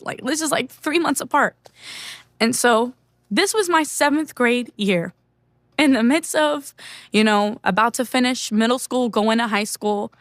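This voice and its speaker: A woman's voice: mid-range voice, fairly bright tone, no room sound. Young American woman, mid-range voice, dry close sound; earnest and candid, testimony told straight to camera. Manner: earnest, candid, heavy use of "like" and "you know". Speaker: speaker sharing a faith testimony. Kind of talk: personal testimony storytelling.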